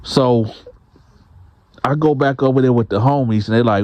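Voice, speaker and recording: A man's voice: medium pitch, normal speed, pauses often, a little mellow, no room sound. A man telling a prison story in a casual, slangy way as the host. He acts out the quotes.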